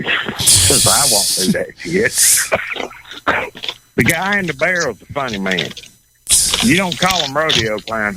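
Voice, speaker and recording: A man with a Southern accent, a former bull rider, chats casually as a talk show guest, blunt and profane and often repeating himself. His mid-range voice comes over a noisy background.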